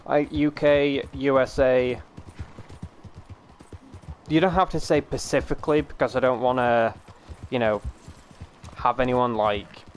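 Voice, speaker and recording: A man's voice: medium pitch, a little hiss or hum, poor audio. A British man from the UK chatting casually on a live stream, rambling, swearing and laughing easily.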